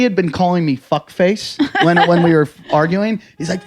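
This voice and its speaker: An American comedian and host spins a long anecdote in relaxed conversation. His voice sits a little on the high side, and he swears freely, throwing himself into shouted quotes of what he said. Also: fairly quick, hardly any pauses. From United States. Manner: animated storyteller, shouts quoted lines, swears a lot. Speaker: podcast host, stand-up comedian. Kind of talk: casual storytelling chat.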